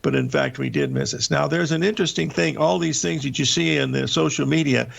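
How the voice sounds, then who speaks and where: A man's voice: a little high, fairly even intonation, brisk, gravelly, breathy edge. An older man hosting a live market show, rambling through charts in a folksy way with many filler uhs and restarts. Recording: dull lo-fi broadcast audio.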